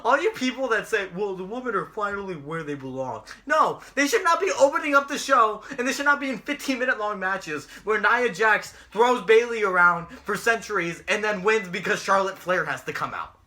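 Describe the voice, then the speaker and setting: A man's voice: high-pitched, normal speed, hardly any pauses, sharp tone. A young man co-hosting a casual wrestling review, ranting sarcastically and swearing a lot. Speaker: podcast co-host.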